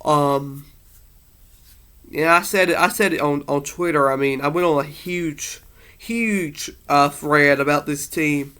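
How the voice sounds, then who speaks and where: Earnest, rambling young-sounding man, high voice. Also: takes it slowly, fairly bright tone, clean tone. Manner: rambling, earnest, many fillers and restarts. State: a little emotional. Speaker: sports fan vlogger. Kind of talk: casual emotional monologue.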